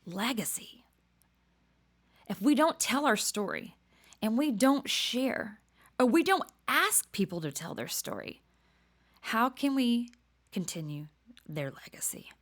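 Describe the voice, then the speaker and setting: An older woman, hosting a podcast and telling stories in a chatty, animated way, laughing often and dropping to a hush for emphasis. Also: fairly high pitch, a little slow. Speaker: podcast host. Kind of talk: casual storytelling monologue.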